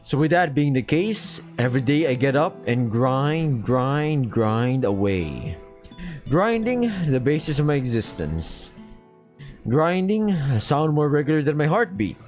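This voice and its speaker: Animated male let's player reading game narration over soft game music. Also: mid-range voice, a little slow, low-quality recording. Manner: expressive reading, laughs at his own slips. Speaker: visual novel let's player.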